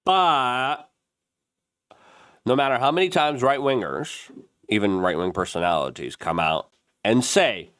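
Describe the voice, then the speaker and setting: A man hosting a commentary show, reading an ad in a rambling, animated way with many fillers. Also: medium pitch, measured pace, pauses often, no echo, studio quality. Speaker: host. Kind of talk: casual commentary and ad read.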